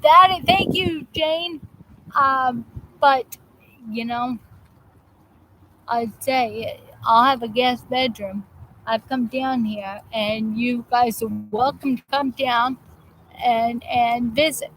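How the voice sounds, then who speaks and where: A woman hosting a live chat show, rambling casually with halting restarts and fillers while greeting viewers outdoors. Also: fairly high pitch, low-quality recording. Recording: loud background noise, vehicles passing.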